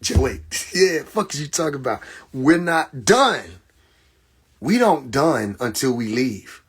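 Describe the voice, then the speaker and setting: A young man hosting a casual livestream, talking emphatically with laughter, repetition and profanity, his voice hoarse. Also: medium pitch, lively intonation, slow. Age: young adult. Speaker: livestream host. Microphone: phone.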